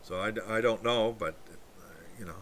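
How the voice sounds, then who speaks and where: Bright-voiced rambling man. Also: fairly low pitch, slight background noise. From Canada. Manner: rambling, halting, answers chat comments aloud. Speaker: livestream host reading chat. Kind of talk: casual livestream chat.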